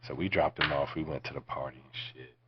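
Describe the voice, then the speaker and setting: A man's voice: a bass voice, fairly even intonation, fast talker, highs cut off, very noisy. A man in his forties hosting a podcast, telling casual, profane stories in a laid-back way and sometimes dropping to near-whispers. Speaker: podcast host. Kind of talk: casual storytelling.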